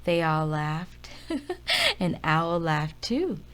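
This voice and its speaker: A woman reading a children's picture book aloud as storyteller, expressive and sing-song. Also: fairly low pitch, a little slow, vocal fry.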